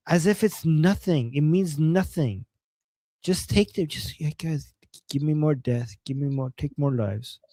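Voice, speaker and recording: A man with a fairly high voice hosts a political talk show, animated and incredulous. He is recorded dry and close. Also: no echo. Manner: animated, incredulous, frequent "like" and "oh my God". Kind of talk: casual political chat.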